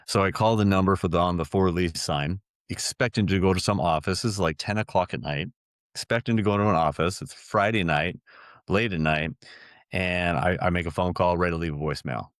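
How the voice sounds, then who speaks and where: A middle-aged man with a very low, deep voice tells his story as a podcast guest. He speaks earnestly and rambles a little, restarting sentences often. The recording is close and dry, with no room sound. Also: fairly quick, no echo. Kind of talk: personal storytelling in an interview.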